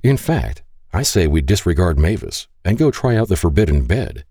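A man with a husky, very deep voice playing an affectionate young man holding back before his wedding, speaking in low murmurs and groans. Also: sing-song, normal speed, mellow, dry recording, clean studio sound, exaggerated voice. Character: affectionate, restrained young groom.

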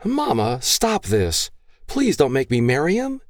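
A man's voice: mid-range voice, wildly swooping pitch, unhurried, dry recording, clean studio sound, voice pushed up. A man voicing a frightened young woman who pleads with her family in an audiobook. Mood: pleading.

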